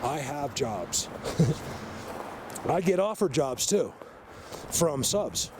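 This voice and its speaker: A man filming an outdoor vlog, talking excitedly in a rambling way, stumbling over and repeating his words into a handheld camera mic. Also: mid-range voice, takes it slowly, pauses often. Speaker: outdoor vlogger. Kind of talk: walking vlog commentary. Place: outdoors in wild country. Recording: outdoor noise behind.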